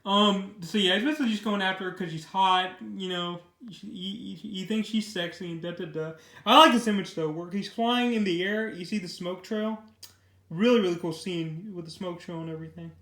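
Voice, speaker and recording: A man's voice: high voice, normal speed, sharp tone. A young man casually reviewing a comic book, rambling with lots of fillers and repeated words. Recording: echoey room.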